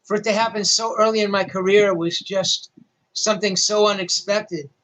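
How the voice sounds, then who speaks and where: A man's voice: high voice, steady tone, moderate pace, fairly bright tone, poor audio. Older man telling a story, self-deprecating. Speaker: rock journalist. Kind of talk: storytelling interview.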